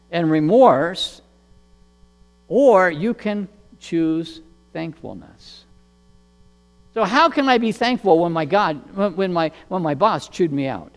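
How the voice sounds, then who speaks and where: A man preaching a sermon as pastor, earnest and measured, often repeating words as he goes. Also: high voice, in a large hall.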